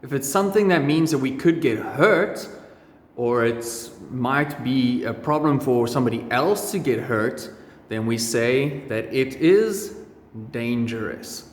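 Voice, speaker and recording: Man teacher, unhurried, stretches each word for kids; roomy echo. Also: mid-range voice, expressive. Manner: drawn-out, exaggerated word drills. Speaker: English teacher. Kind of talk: slow repeat-after-me pronunciation lesson for children. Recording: echoey room with long reverb.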